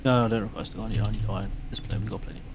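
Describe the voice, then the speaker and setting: A man's voice: on the low side, fairly even intonation, very fast, a little hiss or hum, low-quality recording. A British man chatting while playing a game, teasing and full of banter. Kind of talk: casual gaming chat.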